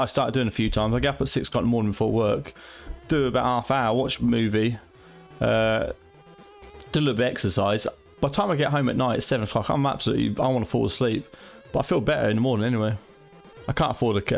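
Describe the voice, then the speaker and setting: A middle-aged man with a Fenland English accent, from Fenland, England, has a gravelly, medium-pitched voice. He's streaming a game live from home late at night, rambling and swearing loosely.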